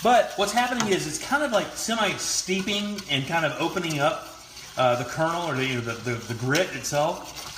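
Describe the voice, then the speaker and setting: A man's voice: a little high, expressive, moderate pace, echoey room, background noise. A man hosting a cooking demonstration, chatting loosely and joking as he explains each step. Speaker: cooking show host. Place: kitchen studio.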